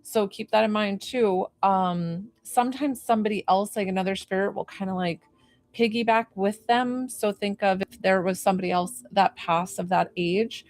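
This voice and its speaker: A woman's voice: mid-range voice, moderate pace, no room sound. Bubbly gushing woman medium on a live stream. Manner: gushing, bubbly, lots of "like" and excited squeals. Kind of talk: live-stream reading and chat.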